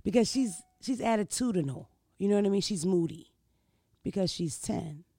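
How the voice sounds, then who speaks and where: In a dry, clean studio recording, a thirty-something woman vlogger talks at a moderate pace in an expressive, dark, mid-range voice. Her casual storytelling is blunt and profane, and she keeps checking in with "you know what I mean."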